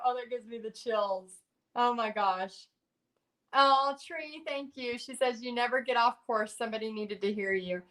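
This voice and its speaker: A middle-aged woman, telling a story in a chatty, animated way during a Facebook Live for her painting class, full of fillers and restarts. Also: a little high, a little slow. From Texas. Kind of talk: casual livestream storytelling.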